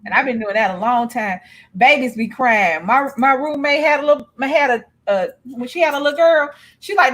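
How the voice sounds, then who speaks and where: A woman's voice: high-pitched, normal speed, fairly bright tone. A woman co-hosting a casual chat, telling stories in a blunt, profane, laughing way. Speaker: co-host.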